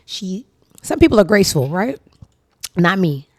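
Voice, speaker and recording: A young woman hosting a casual commentary show, talking in an animated, profane, sarcastic way with big swings in pitch and loudness. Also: moderate pace, dry recording. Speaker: show host. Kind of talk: casual commentary reacting to social media.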